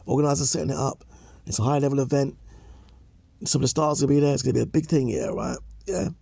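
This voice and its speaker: Gravelly man lecturing. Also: medium pitch, fast talker, mellow, no room sound. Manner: lecturing, repeats "yeah?" and "okay?" tags; emphatic, restates points for effect. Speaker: commentator. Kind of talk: opinion commentary vlog.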